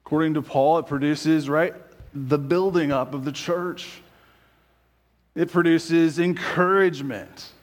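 Higher-voiced man preaching a conversational sermon. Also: fairly even intonation. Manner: conversational preaching with frequent rhetorical "right?" questions; quotes scripture slowly and deliberately. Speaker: pastor.

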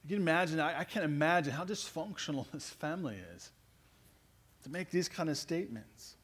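A male pastor delivers a sermon in an earnest, building way. His voice sits a little higher than most men's. He leans into his points with growing emphasis. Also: a little fast, a bit bright, slightly rough.

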